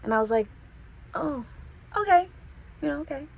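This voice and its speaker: A woman from the San Fernando Valley with a Californian accent, telling a casual storytime vlog in a chatty, animated way. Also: high voice, moderate pace, creaky, poor audio. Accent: Californian English. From Los Angeles, the Valley. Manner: chatty, animated, quotes people in voices.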